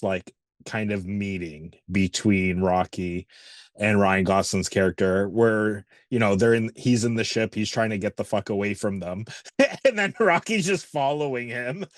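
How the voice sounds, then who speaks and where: A man with a fairly low voice talks through his favorite movie moments in relaxed podcast chat. He often breaks into laughter and swears casually. His sound is dry and close to the mic. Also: unhurried, dry recording. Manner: laughs while retelling scenes, casual swearing. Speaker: podcast co-host.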